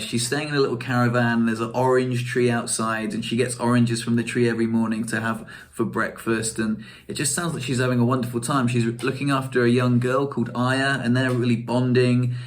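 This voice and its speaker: A man's voice: mid-range voice, level tone, normal speed. A young man telling stories in a casual vlog, chatty and self-mocking, laughing often. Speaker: vlogger.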